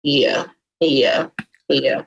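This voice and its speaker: A woman's voice: extremely low pitch, big pitch swings, very slow, gravelly, breathy edge, lo-fi sound. Blunt, teasing woman podcast co-host. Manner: blunt and teasing, cracks jokes. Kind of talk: casual chat.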